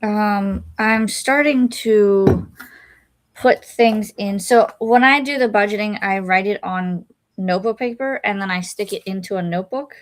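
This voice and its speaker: Woman co-host from Florida, slow relaxed chat, dry close sound. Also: medium pitch, no echo. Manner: unhurried, rambling. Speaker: co-host of a writing sprint stream. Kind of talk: casual chat. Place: home.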